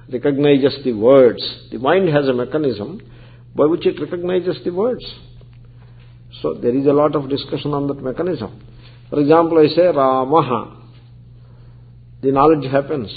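Gravelly swami on a tinny line. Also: male voice, medium pitch. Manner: conversational, explanatory, peppered with Sanskrit terms. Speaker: Vedanta teacher, swami. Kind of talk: scripture lecture. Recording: tinny phone-like recording.

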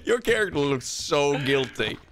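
A man giving lively gameplay commentary with a friend, exclaiming and laughing often. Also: a little high, a little slow, a loud crowd. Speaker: gamer in a co-op session.

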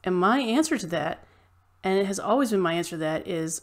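A woman's voice: mid-range voice, lively intonation, brisk. A woman vlogger delivering an impassioned, ranting opinion monologue straight to her viewers.

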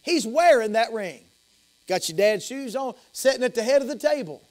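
A man voicing an excited young male servant, stammering and gushing with news in a sermon story. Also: sits high, moderate pace.

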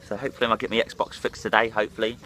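A man's voice: on the low side, sharp tone, a little hiss or hum. Hungover man ranting sharply. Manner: swearing, blunt, rambling. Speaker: drinking vlogger. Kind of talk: ranting vlog monologue.

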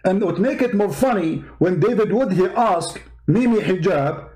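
A man's voice: sits high, expressive, moderate pace, a little mellow. A man giving mocking, emphatic commentary on video clips as a show host.

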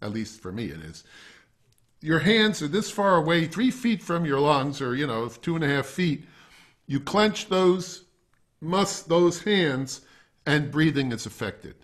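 A middle-aged man with a slightly high voice leads a masterclass on breathing. He speaks in a loose, conversational way to the class, stopping to have them try each exercise. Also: big pitch swings, a little slow, fairly bright tone. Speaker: wind instrument teacher. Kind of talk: masterclass lecture.

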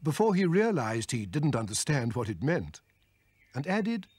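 A man reading scripted storybook narration in a lively, expressive way. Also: a little high, a little slow, slightly rough, no room sound.

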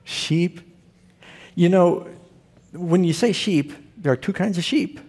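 A man's voice: high-pitched, slow, darkish tone, husky. A male pastor preaching a sermon, telling stories with humor and asking his listeners questions. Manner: humorous storytelling preacher who asks the audience questions.

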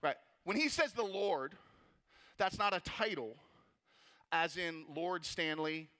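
A man preaching a sermon as pastor, energetic, asking rhetorical questions and tossing in playful asides. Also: on the high side, takes it slowly.

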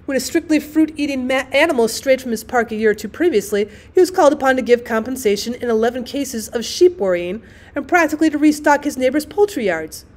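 A woman teacher reading a classic short story aloud as an audiobook, with expressive, dramatic storytelling. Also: a little high.

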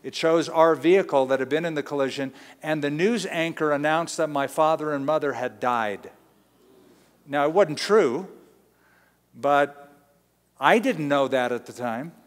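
A middle-aged man from Southern California preaches in a relaxed, conversational way, slipping into little acted-out quotes as he tells stories. His voice sits slightly high for a man. It rings out with the long reverb of a large church hall. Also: unhurried. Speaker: pastor. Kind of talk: sermon.

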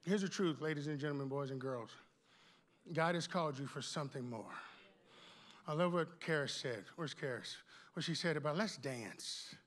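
A middle-aged man preaching at a conference, exuberant and animated, calling out to the crowd in casual speech. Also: on the high side, normal speed. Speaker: pastor. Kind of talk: conference sermon.

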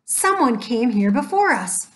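Woman reading as a nervy know-it-all boy, urgent, kinda high, slow. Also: very animated. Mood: worried. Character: cautious, bookish young boy. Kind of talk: storybook reading.

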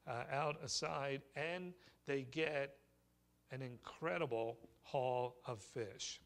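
A male pastor preaching a sermon in a church, telling the story in a relaxed, conversational way with light humor. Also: medium pitch. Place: church sanctuary.

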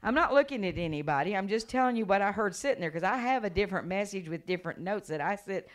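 Woman evangelist, mid-range voice, dramatic sermon delivery, shouting and hushed by turns. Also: mid-range voice, expressive, fast. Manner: dramatic preacher who swings from shouting to hushed.

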